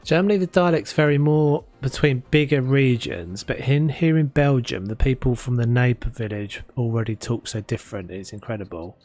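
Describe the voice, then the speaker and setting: A man's voice: medium pitch, normal speed, hardly any pauses, darkish tone. A man chatting casually while he plays a building game, rambling with many restarts. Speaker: gaming streamer. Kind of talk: casual chat while playing. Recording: faint music behind.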